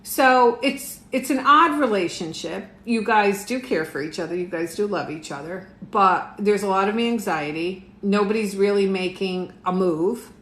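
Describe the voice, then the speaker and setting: A woman's voice: medium pitch, moderate pace, few pauses, fairly bright tone. A middle-aged woman giving a casual live tarot reading from her home, chatting with her viewers and laughing often. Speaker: tarot reader. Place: home room. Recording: echoey room, faint noise.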